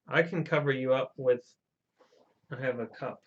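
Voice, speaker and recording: A man hosting a casual live stream, making deadpan, mock-ominous pronouncements. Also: mid-range voice, normal speed, dull audio. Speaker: host playing the Hal character.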